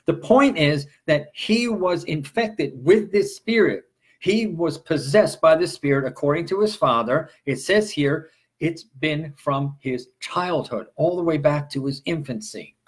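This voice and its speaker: A man preaching from the pulpit in a husky, slightly high voice. He works verse by verse, slows down when he reads scripture aloud, and fires off strings of rhetorical questions to drive each point home. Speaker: pastor. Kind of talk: sermon. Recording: broadcast sermon recording.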